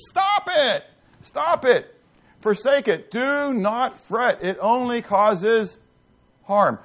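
A man preaching an interactive sermon, quizzing his listeners and swinging between loud emphasis and hushed asides. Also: high-pitched. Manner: animated, questions the congregation, dramatic swings from loud to hushed. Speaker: pastor.

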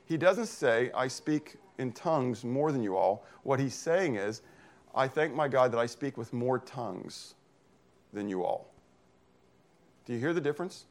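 A man's voice: mid-range voice, animated, unhurried. A man from Pennsylvania preaching a sermon in church as pastor, reading scripture and explaining Greek words, checking in with the congregation often. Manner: teaching, checks in with frequent "okay?".

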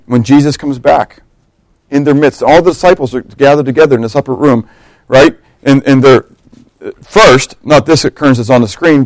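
A man preaching a lively, story-driven sermon. His voice sits a bit high and sounds close and dry. He jumps into different voices for the people in his stories. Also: no echo, low-quality recording. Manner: animated storytelling, acting out quotes, humorous asides.

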